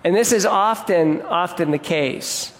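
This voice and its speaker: Male pastor, slightly high voice, earnest sermon delivery with restarts, long hall reverb. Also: a little slow. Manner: earnest, repeats and restarts words, asks the congregation questions.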